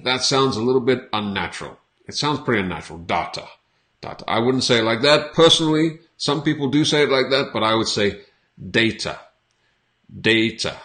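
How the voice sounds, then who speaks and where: A man teaching English pronunciation on camera in a casual, playful way, repeating each word slowly for learners. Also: mid-range voice, a bit bright.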